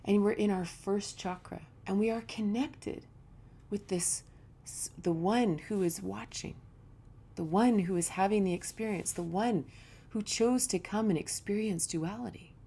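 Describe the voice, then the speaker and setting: Mellow-voiced woman teaching yoga philosophy. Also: medium pitch, measured pace, husky. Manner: reflective, storytelling, conversational. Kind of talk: spiritual teaching talk.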